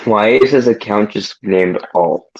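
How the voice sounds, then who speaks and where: A man with a fairly low voice stammers through a casual voice-call chat and keeps restarting his phrases. His audio comes through dull and lo-fi. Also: measured pace.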